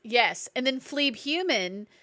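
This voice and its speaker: A woman's voice: sits high, expressive, takes it slowly, pushed and bright, no echo. A woman with a Southern accent, chatting playfully with viewers while streaming a game. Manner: playful, chatty, reacting and greeting chat. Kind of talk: live-streamed gameplay chat.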